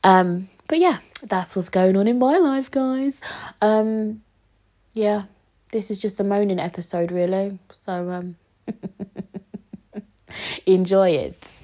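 A woman's voice: medium pitch, takes it slowly, long pauses, mellow. A woman, hosting a casual solo podcast while she is sick and upset. She rambles, with lots of fillers and some swearing. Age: 20s. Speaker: podcast host.

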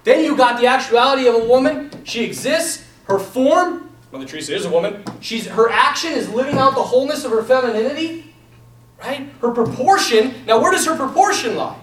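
A young man teaching a class in a lively, animated way, talking to his students as "man" and "you guys.". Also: very high-pitched, a little fast, slight background noise. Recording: echoey room, mic from a distance.

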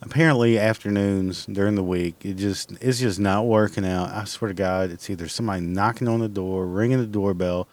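Man, podcast host, low voice, dry close sound, profane, rambling, blunt, casual rant. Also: fairly quick, few pauses, a little mellow, dry recording.

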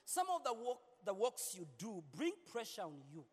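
A man's voice: high voice, very animated, moderate pace, background noise. A man preaching as a pastor, playful and joking with his congregation, repeating words as he preaches in a large church. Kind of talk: sermon. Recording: long hall reverb.

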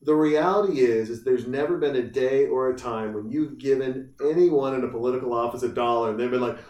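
A man hosting a casual talk show, animated and joking, often slipping into mocking voices. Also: medium pitch, brisk, far from the mic. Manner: animated, mocks others in put-on voices. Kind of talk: casual chat. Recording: roomy echo, a bit off-mic.

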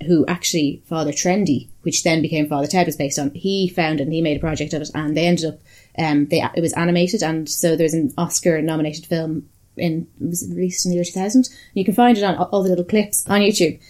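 An Irish woman co-hosts a casual chat show, telling stories with plenty of swearing. Her voice sits low and sounds warm and mellow. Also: steady tone, brisk. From Ireland. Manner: chatty and profane, storytelling. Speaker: podcast co-host.

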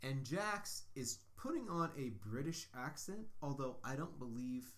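A young man mocks a bad spy movie with sarcastic, lively storytelling. He talks in a middle-pitched voice and speaks loosely and casually from a home basement studio setup. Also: unhurried. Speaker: podcast co-host. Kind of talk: casual movie-review chat.

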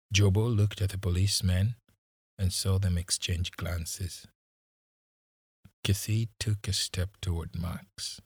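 Male audiobook narrator, low husky voice, slow and dry, measured dramatic delivery. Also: steady tone, no room sound.

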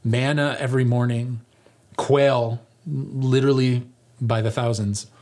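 A man preaching a sermon as pastor, animated and jokey, acting out the lines he quotes. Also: medium pitch, unhurried.

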